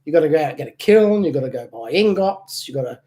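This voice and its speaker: A middle-aged man runs a laid-back model-car live stream, poking fun at himself with jokes and chuckles. He talks at a quick pace in a fairly high, expressive voice that has a warm tone.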